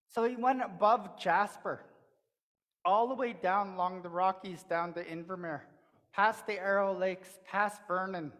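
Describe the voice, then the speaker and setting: A woman tells a traditional story in a church service, in a measured, rhythmic cadence full of repetition and pauses. Her mid-pitched voice rings with a long hall echo. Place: church sanctuary.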